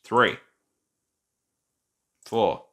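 Drawing out his words, this young Australian man has a pushed, bright voice. He's a gaming vlogger doing casual screen-recorded commentary, reading quiz questions aloud while muttering and mocking himself.

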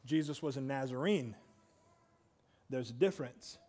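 A man's voice: medium pitch, moderate pace, a little mellow, big-room sound. A man preaching a sermon in a church, conversational, with asides to the congregation. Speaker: pastor. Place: church sanctuary.

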